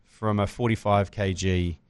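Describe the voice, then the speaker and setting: A man in his forties with a New Zealand accent, hosting a podcast and telling lively, swear-filled stories in casual chat. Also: fairly low pitch, a little slow, smooth, dry recording. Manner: lively storyteller, swears freely, laughs mid-story. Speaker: podcast host.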